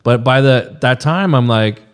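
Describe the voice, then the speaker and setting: A young man in loose, casual podcast chat, swearing freely and dropping "dude" into his sentences. His voice sits at an ordinary middle pitch. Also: a little slow, clean tone. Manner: loose, profane, says "dude" a lot. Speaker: podcast co-host.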